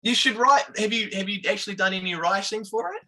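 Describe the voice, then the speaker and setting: A man's voice: high-pitched, fast talker, sharp tone, a little hiss or hum. A man chatting as an interview guest, upbeat and thinking aloud with fillers. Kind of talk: casual chat.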